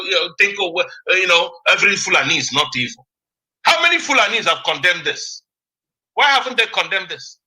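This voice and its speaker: A man's voice: on the high side, bright, forceful tone, low-quality recording. A man giving impassioned political commentary on a radio broadcast, repeating key words for emphasis.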